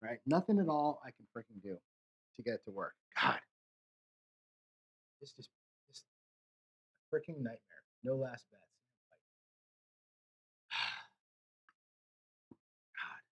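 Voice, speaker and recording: A man with a husky, slightly breathy voice at an ordinary pitch calls out dice rolls in casual live commentary. He mutters and swears in frustration, talking straight to his viewers between throws. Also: animated, takes it slowly, long pauses, muffled recording. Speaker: craps streamer.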